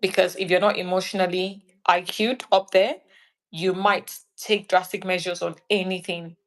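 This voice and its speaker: A woman's voice: on the low side, moderate pace. A woman from Nigeria, a guest in an interview chat, talking animatedly and acting out little scenes. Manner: animated, acts out little scenes in quoted voices.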